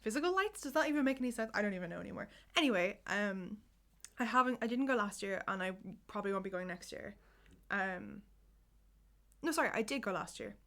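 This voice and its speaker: A woman's voice: mid-range voice, animated, fairly quick, pushed and bright. A woman co-hosting a podcast, chatting casually and rambling with many "like"s and "um"s. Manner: rambling, full of "like" and "um". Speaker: podcast co-host. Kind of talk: casual chat.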